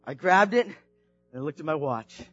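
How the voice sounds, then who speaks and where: High-voiced animated man telling a sermon story. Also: normal speed, no echo, muffled recording, soft background music. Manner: animated, swings from hushed to shouting.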